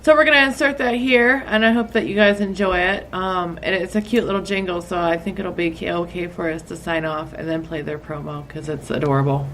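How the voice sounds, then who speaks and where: A woman's voice: lowish voice, fairly even intonation, a little fast, few pauses, crowd noise. A woman co-hosting a podcast, chatting in an amused, laid-back way and laughing easily. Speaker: podcast co-host. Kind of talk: casual podcast chat.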